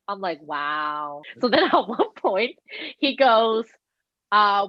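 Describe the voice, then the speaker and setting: A woman co-hosting a casual podcast, retelling a show with animated energy, swearing freely and acting out what people said. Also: mid-range voice, a little slow, dry recording. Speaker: podcast co-host. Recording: dull lo-fi recording.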